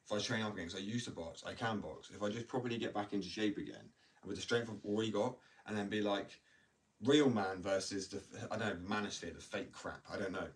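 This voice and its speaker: Talking quickly in a fairly low voice, the same kind of young skater vlogger rants heatedly off the cuff, restarting often and cursing a lot. The mic sits at a distance and picks up faint background noise.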